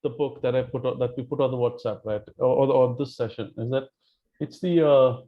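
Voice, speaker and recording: A man leading a casual book-club discussion, emphatic and animated, often restarting his sentences. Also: mid-range voice, fairly quick. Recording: muffled online call audio.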